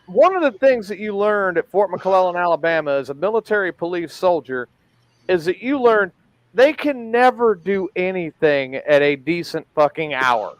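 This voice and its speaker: A man's voice: high voice, animated, normal speed, no echo. A man hosting a podcast, telling an emphatic, profane army story in casual chat.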